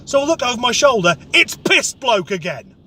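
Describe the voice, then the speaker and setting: A man's voice: very high-pitched, very animated, normal speed, bright, forceful tone, a little hiss or hum. A man telling a comic rant story, sweary, sarcastic and exasperated. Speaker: comedic vlogger.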